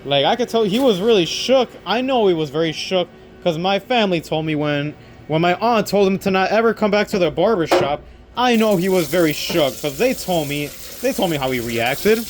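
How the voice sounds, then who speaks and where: A man's voice: high-pitched, animated, normal speed, slight background noise. A young man casually telling a story to camera, rambling, restarting sentences and quoting what others said. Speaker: vlogger and overnight convenience store clerk.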